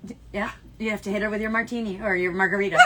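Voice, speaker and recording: A woman co-hosting a podcast in casual chat, teasing with quick quips and laughing a lot. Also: mid-range voice, steady tone, very noisy. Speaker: podcast co-host.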